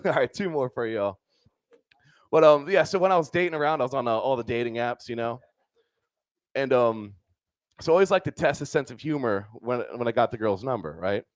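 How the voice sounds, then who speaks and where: A man's voice: medium pitch, a little fast, no echo, clean studio sound. A young man doing a stand-up comedy set on a club stage into a handheld mic, loose and crude, packing his lines with "dude" and "right?".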